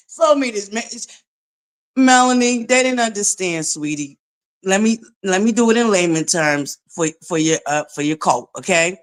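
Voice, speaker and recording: Woman, host, sassy, mocking, profane, slow drawl, lively swooping pitch. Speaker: commentary channel host. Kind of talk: live-stream commentary chat.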